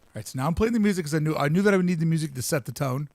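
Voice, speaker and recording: Podcast host, man, fairly high gravelly voice, dry close sound, chatty and quick to laugh. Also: expressive, a little mellow, no echo. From Southern California. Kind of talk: casual commentary.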